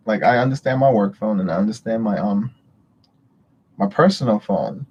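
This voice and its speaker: A man's voice: lowish voice, a little slow, long pauses, darkish tone, highs cut off. A man chatting casually on a livestream, greeting viewers and rambling with frequent swearing. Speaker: livestream host.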